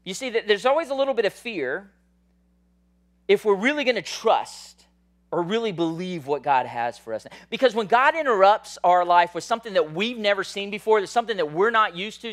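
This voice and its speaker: A man preaching a sermon in a conversational style, swinging from loud, high bursts to soft, low asides. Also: brisk. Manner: animated, rises high and loud then drops soft; conversational, frequent "like" and "right?". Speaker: pastor.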